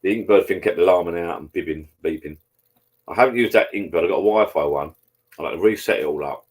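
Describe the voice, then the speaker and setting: Husky low-voiced man chatting. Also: fast. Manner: chatty, meandering, swears casually. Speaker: live-stream host. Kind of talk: casual rambling chat with viewers over beers.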